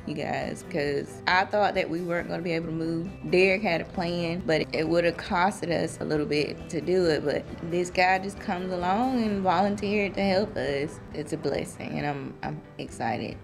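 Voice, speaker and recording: A woman, vlogging casually in her small apartment. She chats excitably and uses baby talk with her pets. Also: on the low side, normal speed, vocal fry, few pauses, over music. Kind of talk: casual home vlog.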